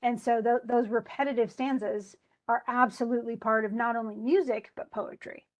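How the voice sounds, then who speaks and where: A woman's voice: fairly high pitch, steady tone, normal speed. Chatty woman teaching a poetry class. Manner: chatty, with many restarts and asides. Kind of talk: recorded class lecture.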